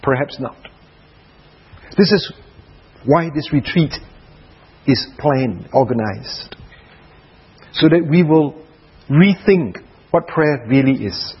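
A man preaching a sermon at a prayer retreat, dramatic, dropping to soft hushed passages. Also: medium pitch, lively intonation, slow pace, long pauses, slightly rough, highs cut off.

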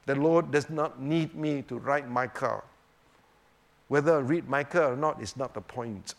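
A man teaching a sermon on the Psalms, swinging between emphatic rhetorical questions and hushed, quiet moments. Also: medium pitch, unhurried, vocal fry. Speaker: preacher.

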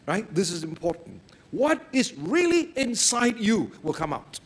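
A man preaching a sermon, telling stories in a lively way and breaking into sudden loud exclamations. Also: sits high, unhurried, slightly rough.

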